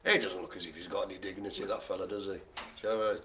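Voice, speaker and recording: A man's voice: sits low, fairly even intonation, fast talker, fairly bright tone, slight background noise. A man hosting a live bingo show, joking theatrically and often laughing as he calls the cards. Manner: theatrical jokey showman who laughs often. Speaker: host calling dog bingo. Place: room with colleagues present.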